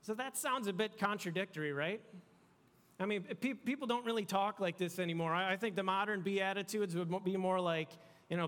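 A man's voice: high voice, a little fast, fairly bright tone. A man preaching a sermon to a young crowd in a casual, conversational way, often restarting his words. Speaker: youth pastor. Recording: long hall reverb.

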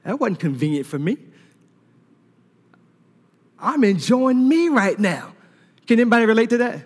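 A man preaching a sermon to a congregation, telling a personal story in an animated way, laughing and acting out conversations. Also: extremely high pitch, moderate pace. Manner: animated storyteller who laughs and acts out dialogue. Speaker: preacher giving a testimony. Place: large hall before a congregation. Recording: long reverb from a large hall.

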